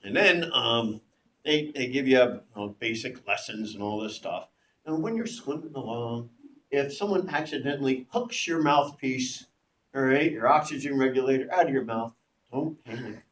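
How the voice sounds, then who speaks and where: A man teaching a class, telling a story in an animated way and acting out the voices of the people in it. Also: medium pitch, moderate pace. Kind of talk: classroom lecture with anecdotes. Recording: echoey room with faint background noise.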